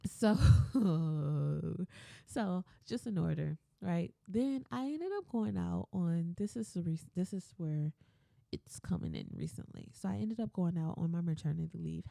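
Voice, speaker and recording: A young woman with a dark, gravelly, rather low voice rants on her podcast, swearing freely and mimicking others. The sound is dry and close, like a small home mic setup. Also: unhurried, no echo. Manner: blunt, swearing, laughing, quotes people in mimicked voices. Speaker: podcast host. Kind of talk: ranting solo podcast.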